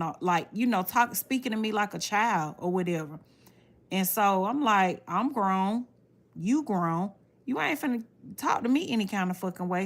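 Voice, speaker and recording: Woman, blunt, animated, swears freely, casual storytelling. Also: lowish voice. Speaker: livestreamer talking to viewers.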